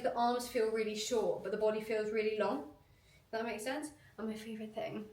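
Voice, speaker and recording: A woman's voice: a little high, distant mic. A young woman chats into a handheld camera at home, full of wry asides and self-mockery. Her voice is stuffy from a lingering cold, and at times she drifts away from the microphone. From United Kingdom. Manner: chatty, self-mocking, quick asides. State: nasal from a cold. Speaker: vlogger. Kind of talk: casual vlog chat. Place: home bedroom.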